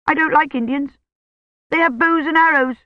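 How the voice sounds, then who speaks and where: Narrator playing a delirious old woman regressed to a child, very high, pouty, audiobook, dull lo-fi sound. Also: moderate pace, no echo, natural voice. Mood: childish. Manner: childish, pouting. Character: elderly feverish woman acting like a little girl.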